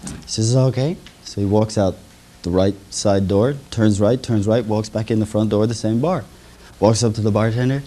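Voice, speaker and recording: Guy doing stand-up jokes, kinda low mellow voice, does little drunk voices, old 80s tv sound. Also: a little fast. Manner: mimics drunk characters in the jokes. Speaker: stand-up comedian. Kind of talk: stand-up joke telling. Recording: lo-fi 1980s local TV broadcast.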